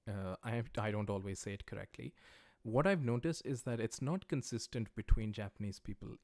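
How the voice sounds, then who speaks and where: A man with a fairly low voice and an American accent teaches a livestreamed language class. He explains each step patiently as he writes, often pausing on "uh" and "um". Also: animated, darkish tone. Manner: patient, plain explanations with frequent "uh" and "um". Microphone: livestream microphone.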